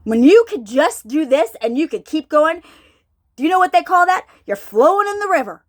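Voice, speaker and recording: A woman's voice: high-pitched, very animated, normal speed. A woman preaching an informal sermon, thinking aloud, often repeating herself and asking her listeners questions. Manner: searching, repeats herself, asks the audience questions.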